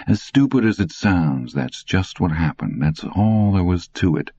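Young killer, flat menacing calm, read by a deep-voiced male narrator. Dull, dry audiobook sound. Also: measured pace, slightly rough, no echo, full character voice. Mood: cold. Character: young man turned cold killer.

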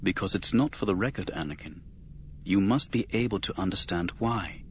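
A gentle, loving young woman senator read by a man in a fairly low voice, calm and reassuring. The lo-fi audiobook sound is dull and carries a faint hiss. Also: moderate pace. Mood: earnest.

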